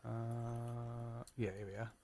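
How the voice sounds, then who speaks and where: A man running a tabletop game as game master, narrating with many pauses, ums and restarts. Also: medium pitch, completely flat delivery, warm tone.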